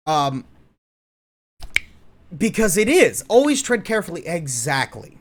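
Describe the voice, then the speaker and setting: Guy ranting sarcastic on a reaction vid, swears a lot, highish voice all over the place. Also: big pitch swings, unhurried, pauses often, a little hiss or hum. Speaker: online commentator. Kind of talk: opinionated reaction commentary.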